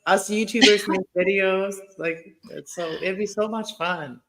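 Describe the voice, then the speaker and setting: Casual YouTuber man from a Mennonite community in Mexico; rambling, filler-heavy, tense bright tone. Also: high voice, steady tone, measured pace. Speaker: YouTuber, co-host of live chat. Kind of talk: casual chat.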